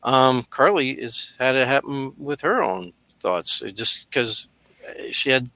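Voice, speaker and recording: Gravelly bright-voiced male host. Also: mid-range voice, lively intonation, measured pace, dry recording. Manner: hesitant, many fillers and restarts. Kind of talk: casual chat.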